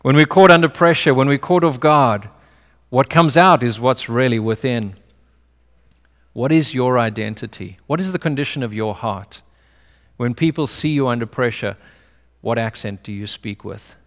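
A man with a medium-pitched voice and a moderate pace gives a sermon that feels like conversation, full of tales from his own life. He's a pastor with a non-American accent in English, recorded in a hall with long reverb.

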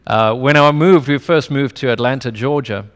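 A man's voice: mid-range voice, normal speed, smooth. Man preaching with a foreign accent in a reverberant hall. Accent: non-American English accent. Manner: conversational preaching with personal anecdotes. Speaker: pastor. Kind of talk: sermon.

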